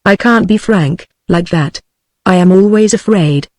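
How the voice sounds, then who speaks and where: A wistful, coquettish young girl in a storybook, read by a synthetic woman's voice with a British accent. The delivery stays even and measured, and the sound is dry and close. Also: on the low side, no room sound, natural voice. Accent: British English.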